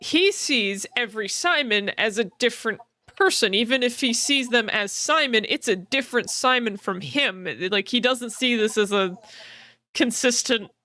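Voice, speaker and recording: A woman's voice: a little high, expressive, moderate pace, bright, forceful tone. A woman co-hosting a podcast, explaining a game's story casually with many fillers, restarts and laughs. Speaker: podcast co-host.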